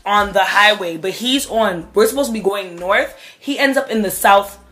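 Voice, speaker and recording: A young woman telling a story in casual chat, animated and acting out the voices of the people in it. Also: medium pitch, normal speed, faint music behind. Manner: animated, acts out voices while telling stories.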